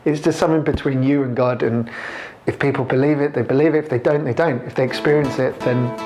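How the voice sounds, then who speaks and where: A man telling his own conversion story to a camera, halting and reflective, with many restarts. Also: medium pitch, steady tone, darkish tone, soft background music. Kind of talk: personal testimony to camera.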